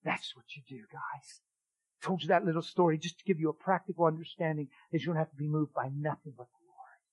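A man's voice: a little high, steady tone, fast talker, lo-fi sound. Dramatic storytelling male preacher. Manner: dramatic, swings from loud exclaiming to hushed near-whisper. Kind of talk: sermon testimony storytelling.

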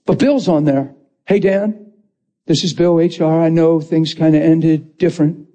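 Man, preacher, sermon testimony, high pitch, mellow tone, animated, acts out quotes. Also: measured pace, muffled recording. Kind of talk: sermon storytelling.

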